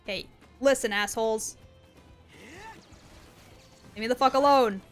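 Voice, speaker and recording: A young woman streaming a game, chatting casually, excitable and playful, swearing often. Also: fairly high pitch, unhurried, soft background music. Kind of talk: casual gaming commentary.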